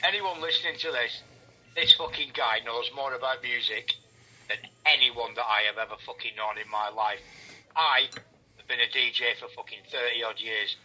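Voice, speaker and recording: An English man, a retired DJ, co-hosting a podcast, loud, emphatic and heavily profane. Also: mid-range voice, steady tone, normal speed, poor audio. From England. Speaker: co-host, retired DJ. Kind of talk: casual podcast chat.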